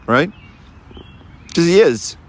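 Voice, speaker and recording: A man giving a sermon to a live audience, lively and full of rhetorical questions. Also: on the high side, takes it slowly. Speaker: preacher.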